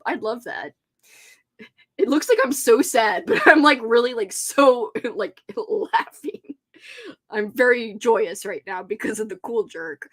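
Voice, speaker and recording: A woman hosting a casual livestream chat, giggly and rambling. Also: fairly high pitch. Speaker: host.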